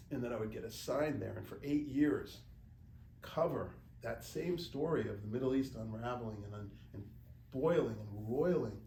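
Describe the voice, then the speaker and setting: A middle-aged American man tells lively anecdotes to a small student group and acts out the people he quotes. His voice is mellow with a gravelly rasp. The recording comes from a distant mic in a roomy space, with faint background noise. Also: lowish voice. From United States. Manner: animated anecdotal storytelling with acted quotes. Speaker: guest speaker, journalist. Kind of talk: storytelling talk to students.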